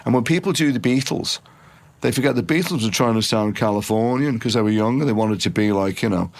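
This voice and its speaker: A middle-aged man from Liverpool with a softened Liverpool accent, telling long rambling stories in a podcast interview. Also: medium pitch, fairly quick, vocal fry. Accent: refined Liverpool English. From Liverpool, England. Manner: rambling, animated storyteller with many restarts. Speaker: actor guest.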